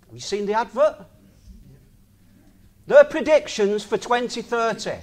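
A man's voice: very high-pitched, unhurried. A man, talking in an informal sermon, chatty, laughing often and asking the listener rhetorical questions. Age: 60s.

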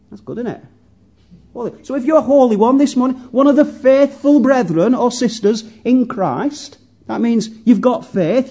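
A man's voice: extremely high pitch, warm tone. A man preaching a sermon earnestly, putting questions to the congregation and often repeating his words.

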